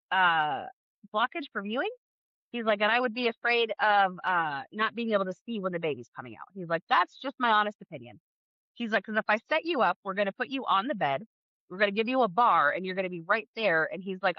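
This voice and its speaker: A woman in her thirties, a podcast guest, telling her birth story in a casual, animated way, acting out the people she quotes. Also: medium pitch, no room sound, lo-fi sound. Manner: animated, acts out quoted dialogue, laughs often.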